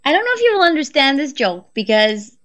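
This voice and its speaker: A woman guest speaks in a slightly high voice. She chats easily, tells anecdotes and laughs often. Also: big pitch swings, a little fast, a bit bright. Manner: chatty, laughs often, storytelling. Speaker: guest voice actress. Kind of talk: casual chat.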